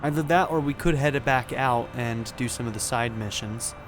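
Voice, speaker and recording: A man casually commentating his playthrough of a video game, thinking aloud in a relaxed, chatty way with fillers and quick laughs. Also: mid-range voice, over music. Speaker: let's play gamer.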